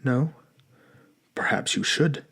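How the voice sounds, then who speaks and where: A man voicing a stern but gentle old Russian grandfather in an audiobook, speaking slowly and weightily in a gravelly voice. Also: mid-range voice, exaggerated voice. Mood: wistful. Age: older.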